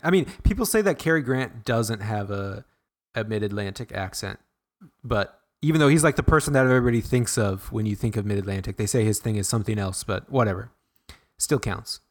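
A man's voice: medium pitch, a little fast, gravelly. A man co-hosting a podcast, rambling in casual chat, restarting sentences often. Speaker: podcast co-host.

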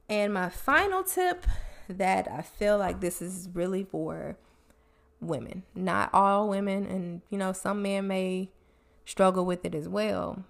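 Woman podcaster chatting about tips, lowish voice with a lot of vocal fry, laid back. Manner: casual, chatty, admits own habits. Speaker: podcast host. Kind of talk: solo podcast advice talk.

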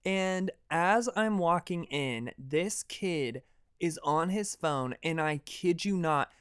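A young man hosting a podcast, telling a personal story in a dramatic, animated way and swearing freely. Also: on the high side, takes it slowly, clean tone, no echo, studio quality. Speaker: podcast host. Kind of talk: casual storytelling monologue.

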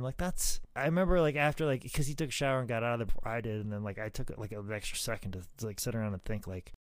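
A man with a mid-range voice talks fast, with no echo, telling a wrestling story in casual podcast chat. He's profane and animated, swearing freely and packing his speech with "like."

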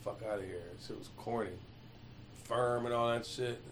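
A Michigan man animatedly recounts stories in an informal conversation, full of swearing and acted-out quotes. He speaks at a moderate pace in a medium-pitched voice, with slight background noise present.

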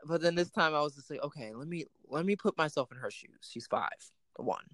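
A man's voice: fairly high pitch, expressive, brisk, a bit bright, no echo. A man hosting a casual chat, telling a personal story with plenty of quoted dialogue.

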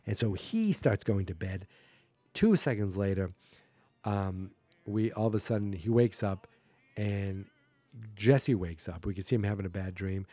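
A man's voice: fairly low pitch, normal speed, mellow, no echo. A man hosting a podcast, casually recapping a horror film scene by scene, joking and acting out characters' lines. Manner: chatty, jokey, acts out characters' lines. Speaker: podcast host.

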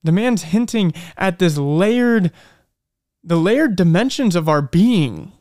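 A man hosting a daily faith-based podcast, speaking earnestly and reflectively, slowing down for emphasis. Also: high-pitched, animated, darkish tone, no room sound, clean studio sound. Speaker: podcast host. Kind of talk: faith-based motivational talk.

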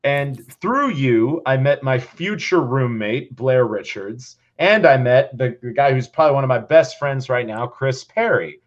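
A young man who teaches, hosting a casual podcast and telling a story with animated, playful reenactments of his own thoughts. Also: medium pitch, unhurried, few pauses. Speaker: podcast host. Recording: slightly dull lo-fi sound.

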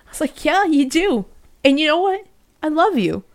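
A young woman co-hosting a casual chat show, telling animated, profanity-laced stories and acting out the people she quotes. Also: high-pitched, normal speed. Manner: animated storyteller, swears a lot, acts out quotes. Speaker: podcast co-host.

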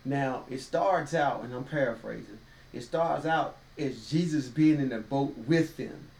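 This co-host of a casual faith-based podcast has a creaky, slightly mellow, medium-pitched voice and speaks unhurriedly. He talks in a folksy, preachy way with quoted voices, recorded with roomy echo, a distant mic, and faint ambience.

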